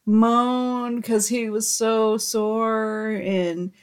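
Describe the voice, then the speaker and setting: A woman's voice: on the high side, flat delivery, drawn-out words, smooth. A woman co-hosting a podcast, telling a story casually and laughing often. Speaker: podcast co-host.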